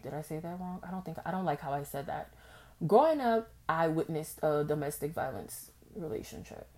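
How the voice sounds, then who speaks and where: Young woman, low voice, candid podcast rambling, acts out convos. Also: brisk. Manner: candid and expressive, acts out past conversations in a high voice. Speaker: podcast host. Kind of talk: casual solo podcast monologue.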